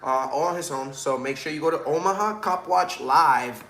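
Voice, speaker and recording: Hyped high-voiced man co-hosting. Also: moderate pace, sharp tone, echoey room. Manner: hyped, promoting and joking. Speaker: livestream co-host. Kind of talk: casual livestream chat.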